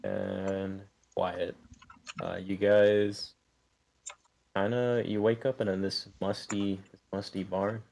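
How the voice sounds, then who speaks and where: A man's voice: deep voice, flat delivery, slow pace, gravelly, a little mellow, slight background noise. A young man acting as game master, narrating loosely with lots of filler words. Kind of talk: running a tabletop game over voice chat.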